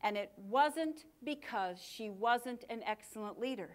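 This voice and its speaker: A high-pitched woman speaking to a live audience in a conference room. Her delivery is energetic and punchy, with dramatic pauses between key words. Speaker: communication speaker. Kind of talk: live workshop talk to an audience.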